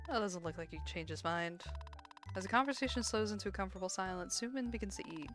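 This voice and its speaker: A woman's voice: medium pitch, fast talker, soft background music. A woman streamer playing a game, reading its text aloud and commenting casually, giggling and swearing freely.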